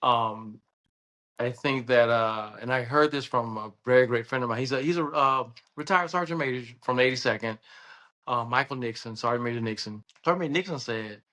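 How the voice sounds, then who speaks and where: A man with a Southern American accent, a guest telling stories in casual conversation, animated and laughing often as he acts out voices. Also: medium pitch, fairly quick. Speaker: podcast guest, surgeon and state senator.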